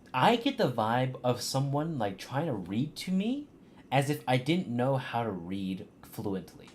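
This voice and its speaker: A man giving let's-play commentary, ranting and swearing as he goes. His voice swings widely in pitch, with a faint hiss of noise underneath. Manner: profane, ranting, animated. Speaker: streamer.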